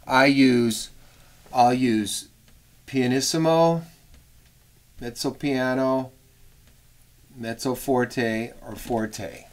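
A middle-aged man teaching horn arranging in a casual, rambling way, now and then singing rhythms in scat syllables. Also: mid-range voice. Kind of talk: casual instructional talk.

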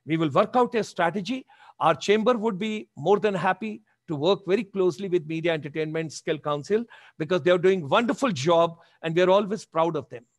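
A man's voice: sits high, brisk, dry recording. A man in his seventies with an Indian accent, giving a motivational webinar talk with emphatic, repeated exhortations over a video call. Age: 70s. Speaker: motivational speaker.

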